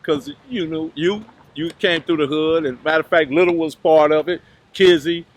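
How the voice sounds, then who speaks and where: A man hosting an interview, recalling things in a halting way and searching for his words. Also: on the high side, slight background noise. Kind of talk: casual interview chat.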